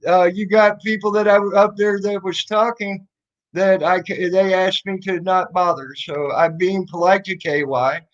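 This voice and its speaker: A man hosts a casual livestream, his fairly high voice drawling slowly through sarcastic taunts and stumbling restarts. The sound is dull and lo-fi, like cheap stream audio. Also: steady tone. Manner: mocking, sarcastic, rambling with restarts. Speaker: livestream host.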